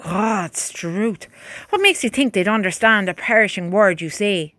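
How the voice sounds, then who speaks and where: A woman's voice: mid-range voice, lively intonation, measured pace, fairly bright tone, no echo. A woman voicing a blunt, grumbling young male soldier who scolds his friend in an exasperated way, recorded dry.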